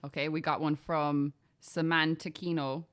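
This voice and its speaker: A woman's voice: deep voice, flat delivery, normal speed. A woman casually interviewing her partner and reading online comments aloud, laughing easily. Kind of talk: casual chat.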